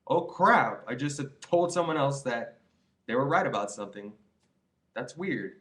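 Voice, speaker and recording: A man's voice: mid-range voice, lively intonation, normal speed, fairly bright tone. A young man in his twenties giving rambling, earnest advice to his viewers in a casual vlog, full of restarts and "you know"s. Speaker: vlogger. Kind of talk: casual advice monologue to camera.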